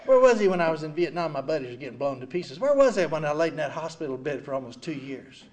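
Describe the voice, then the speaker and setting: An older man speaking at a recovery meeting, giving an animated, self-mocking personal testimony full of "you know.". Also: fairly high pitch, fast talker.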